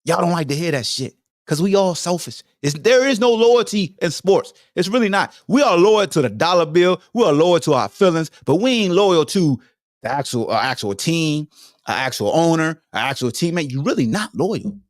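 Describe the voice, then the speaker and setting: A man hosts a podcast and rants hard about combat sports, blunt and profane. His pitch sits a little high and swings widely from low mutters to sharp peaks. The sound is dry and close, with no room around it. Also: moderate pace, no room sound. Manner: animated, heated, blunt with slang and profanity. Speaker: podcast host. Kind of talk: opinionated sports rant.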